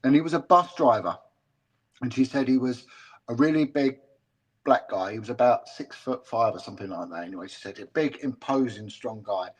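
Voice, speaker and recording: A man, a former policeman, talking in a casual interview, halting and restarting often as he tells a story. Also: medium pitch, husky. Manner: halting, with many restarts and repeated words.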